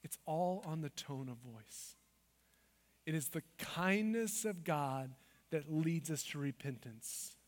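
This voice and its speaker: A high-voiced man preaching a sermon in a large hall with a long, ringing reverb. He moves between quiet, intimate asides and loud, driving declarations. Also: slow pace. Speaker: pastor.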